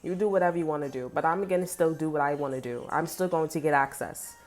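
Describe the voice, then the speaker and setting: A woman's voice: sits low, fast, a little mellow, soft background music. A woman giving a casual tarot reading, blunt and sassy, swearing freely and talking straight to the viewer. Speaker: tarot reader.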